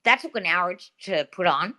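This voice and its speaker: A woman with an Australian accent, a guest telling stories in a chatty, animated way full of fillers, over a video call. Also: lowish voice, moderate pace. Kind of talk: casual interview talk.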